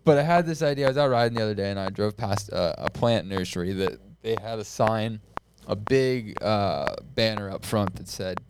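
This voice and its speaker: A man's voice: on the low side, moderate pace. A man co-hosting a casual podcast chat, rambling through funny stories. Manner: rambling storyteller. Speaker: podcast co-host. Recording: noisy recording.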